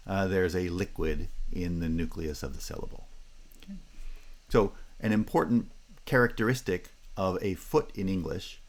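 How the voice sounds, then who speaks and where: A man giving a university phonetics lecture, pausing with fillers and restarts and checking in with the class with "right?" and "okay?". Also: low-pitched, a little mellow.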